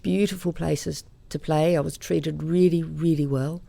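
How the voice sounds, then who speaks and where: A woman's voice: low voice, steady tone, creaky, dark tone. A middle-aged woman from Australia, a singer telling stories in a casual interview and laughing easily. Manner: chatty storyteller, quick to laugh.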